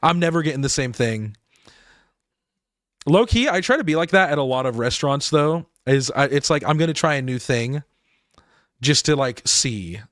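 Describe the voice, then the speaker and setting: A man's voice: mid-range voice, lively intonation, moderate pace, long pauses, a bit bright, no room sound, clean studio sound. A man streaming a game live, rambling and laughing as he talks to his chat.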